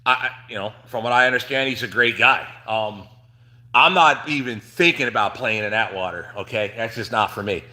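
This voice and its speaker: This trucking channel host, a middle-aged New Jerseyan, talks at a moderate pace in a lowish, bright, forceful voice. Livestreaming casually from his truck shop, he rambles with plenty of fillers and restarts.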